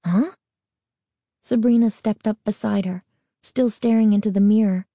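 A woman narrating a children's horror novel in a measured, deliberate reading. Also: medium pitch, steady tone, warm tone, no echo, clean studio sound. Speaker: audiobook narrator. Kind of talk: scripted narration.

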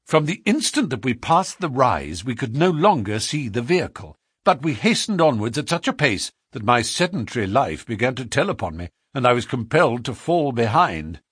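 A man narrating a story aloud in measured, scripted storytelling. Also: husky, no echo, clean studio sound. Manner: measured storytelling, lively pitch.

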